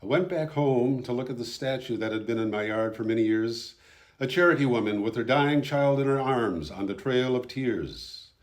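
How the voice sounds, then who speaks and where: A man narrating his own documentary in a voice-over, calm, reflective and somber. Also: medium pitch, normal speed.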